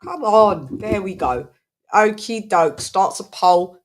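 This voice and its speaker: Hosting a boxing livestream, a British woman talks slowly in a mid-range voice with lively intonation. She banters playfully with guests, gives her chat shout-outs, and laughs a lot.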